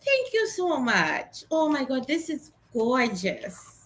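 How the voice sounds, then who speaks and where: A woman in her thirties from Africa, chatting excitedly while unboxing gifts in a casual vlog. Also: sits high, a little slow, slight background noise. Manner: excitable, exclaims often, chatty. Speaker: vlogger.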